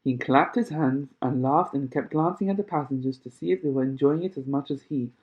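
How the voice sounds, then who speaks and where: A man reading a children's novel aloud chapter by chapter, with expressive storytelling. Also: a little high, fairly quick, hardly any pauses. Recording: tinny phone-like sound.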